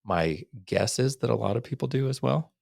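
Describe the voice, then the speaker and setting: A man hosting a podcast, earnest and rambling, often dropping to a soft near-whisper. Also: medium pitch, expressive, normal speed, gravelly, no room sound, clean studio sound. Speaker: podcast host. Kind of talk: casual interview chat.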